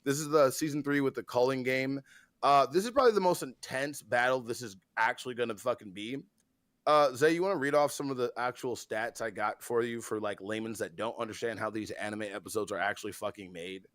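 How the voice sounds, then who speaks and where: A tired man co-hosting a podcast in casual chat, excitable and swearing a lot, often trailing off mid-thought. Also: medium pitch, fairly quick, no echo, clean studio sound. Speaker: podcast co-host.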